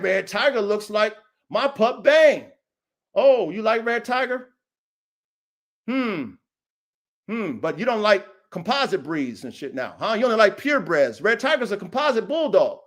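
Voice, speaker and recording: Male podcast host, AAVE speech, very high voice, combative and repetitive, addressing a rival directly. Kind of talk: confrontational livestream call-out.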